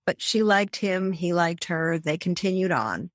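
A woman therapist and author, interviewed on a dry, studio-quality recording, tells case stories vividly and acts out the voices of the people she quotes. Her voice is fairly low, with lively intonation and a measured pace.

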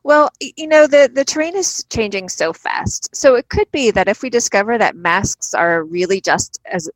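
A woman's voice: medium pitch, lively intonation, moderate pace, no echo. Woman prof on a podcast, friendly plain talk, dry sound. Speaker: guest professor. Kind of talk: casual interview answers.

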